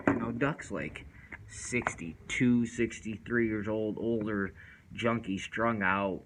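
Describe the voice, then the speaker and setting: A man's voice: fairly low pitch, takes it slowly, noisy background. A man casually telling a first-person story in loose, rambling street slang with lots of fillers.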